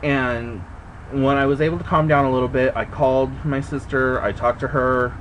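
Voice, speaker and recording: A man telling a story in a casual vlog, animated and indignant, swearing and jumping high in pitch when he quotes himself. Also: normal speed, slight background noise, poor audio. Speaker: vlogger. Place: indoors at home.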